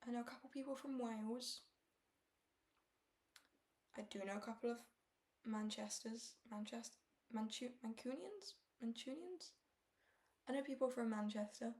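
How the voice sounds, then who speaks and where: A woman's voice: a little high, fairly even intonation, moderate pace, pauses often, a little mellow. A young woman from Britain, chatting casually as she bakes at home, rambling and trailing off. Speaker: streamer. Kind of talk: casual chat while baking. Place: home kitchen.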